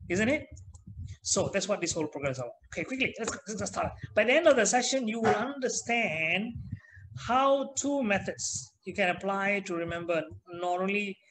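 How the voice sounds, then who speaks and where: Middle-aged male trainer, high-pitched and chatty, leading an online lesson. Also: animated, moderate pace, background noise. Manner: chatty, asks the class questions. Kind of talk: online class talk.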